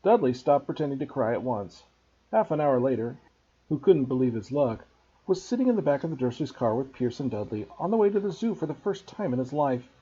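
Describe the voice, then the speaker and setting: Man reading a story aloud to a class, expressive, husky voice, muffled lo-fi sound. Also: mid-range voice, brisk. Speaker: teacher reading to students. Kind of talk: storybook read-aloud narration.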